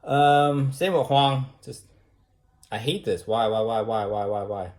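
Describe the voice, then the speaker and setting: A man's voice: medium pitch, steady tone, unhurried, darkish tone. A man teaching a debate class in an informal, talky way, firing off repeated rhetorical questions and using casual fillers.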